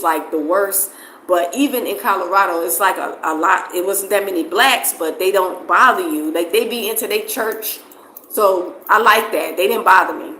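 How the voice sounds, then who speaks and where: A woman's voice: mid-range voice, pushed and bright. A middle-aged woman from New Jersey with a New Jersey accent mixed with a Southern US one. She talks loosely in casual conversation as an interviewee, rambling with lots of "like" fillers and repeats. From New Jersey, USA. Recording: roomy echo with faint background noise.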